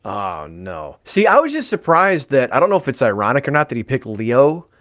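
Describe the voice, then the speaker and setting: A man's voice: medium pitch, wildly swooping pitch, normal speed, a bit bright, dry recording. A man with a mid-range voice co-hosts a podcast in an easygoing way and laughs often. The sound is dry and close. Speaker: podcast co-host reading chat names. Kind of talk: casual chat.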